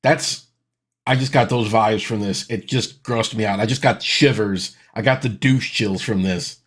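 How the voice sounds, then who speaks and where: A man's voice: fairly low pitch, unhurried, a bit bright, husky. A man in his thirties hosting a reaction video, with sarcastic, exasperated ranting commentary.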